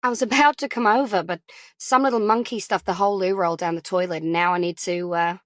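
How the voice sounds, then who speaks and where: A woman's voice: medium pitch, fairly even intonation, a little fast, a bit bright, no room sound, close to an everyday voice. A woman doing a chatty Australian mum. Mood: friendly. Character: friendly young Australian mum, chatty and kind. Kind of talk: audiobook character voice.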